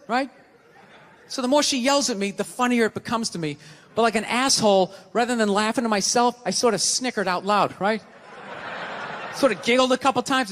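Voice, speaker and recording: A man's voice: extremely high pitch, quick pace, fairly bright tone. A middle-aged man doing stand-up, telling a profane, self-mocking story in a ranting style. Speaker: stand-up comedian. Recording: long hall reverb, faint noise.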